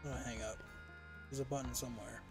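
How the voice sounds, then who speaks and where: A man streaming a game, chatting casually, excitable, swearing and laughing often. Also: mid-range voice, fast talker, creaky, loud music behind the voice. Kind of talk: casual gaming stream chat.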